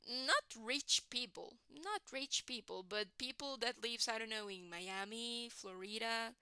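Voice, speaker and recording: Woman, teacher, slow classroom explanation, smooth clear voice, dry close sound. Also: fairly high pitch, bright, forceful tone, dry recording. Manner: repeats "right, guys?" often, restarts and repeats words. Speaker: English teacher.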